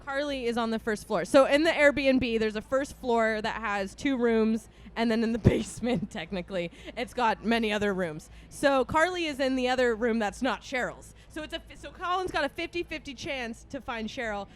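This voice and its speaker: High-pitched woman podcast host, lively casual storyteller. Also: normal speed, few pauses. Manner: animated storyteller, acts out quotes, laughs often.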